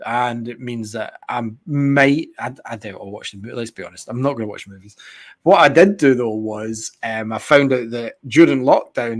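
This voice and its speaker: A man co-hosting a podcast, chatting casually in an excitable, sweary and rambling way. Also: mid-range voice. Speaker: podcast co-host. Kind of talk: casual chat.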